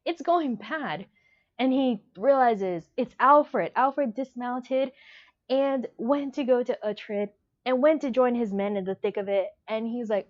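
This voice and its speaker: A gushing, emotional woman talks through a book she loves in a casual review vlog, rambling from one point to the next. Her voice sits a little high, and the recording sounds dull and lo-fi. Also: measured pace.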